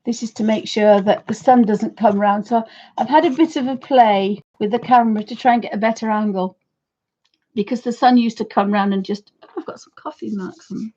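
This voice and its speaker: A croaky woman in her fifties rambles casually to her viewers from a home art studio. Her voice sits a little high but sounds mellow and husky, and the recording is dull and lo-fi. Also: a little fast. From United Kingdom. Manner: chatty, rambling, talks fondly to her dog. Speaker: art livestream host. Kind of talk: casual chat to viewers and pets.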